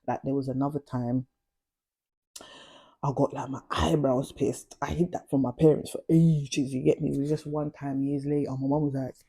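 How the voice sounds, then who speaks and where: Husky-voiced woman telling stories. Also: deep voice, steady tone, moderate pace, dark tone. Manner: chatty, slang-heavy, confiding. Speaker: vlogger. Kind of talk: casual storytelling.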